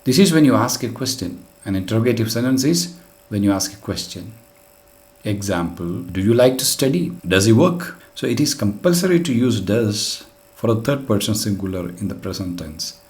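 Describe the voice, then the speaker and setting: A man's voice: on the low side, animated, normal speed, darkish tone. A man teaching an English grammar lesson, explaining rules patiently and step by step with plenty of example sentences.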